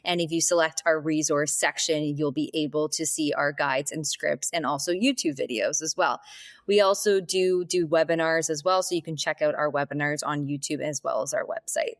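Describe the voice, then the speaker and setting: A woman's voice: low-pitched, steady tone, moderate pace. A woman co-hosting a podcast, asking a question and then reading a friendly plug for online resources. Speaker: podcast co-host. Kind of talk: casual podcast discussion.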